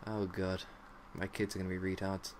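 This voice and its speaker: A young man gives silly, rambling live commentary on a zombie game, jumping between odd topics and saying "like" a lot. His deep voice is monotone at normal speed, with a little hiss or hum.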